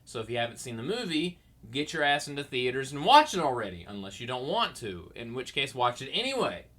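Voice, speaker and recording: Hosting his own podcast just after waking, a groggy young man rambles along making self-mocking jokes. He speaks a little fast, with a sing-song, fairly bright, medium-pitched voice.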